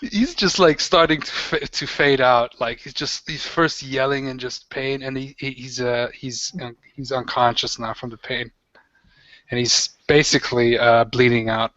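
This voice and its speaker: A man's voice: medium pitch, level tone, normal speed, a bit bright, no echo. A man narrating as game master in a tabletop game, describing gory outcomes and laughing along. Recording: dull lo-fi dry recording.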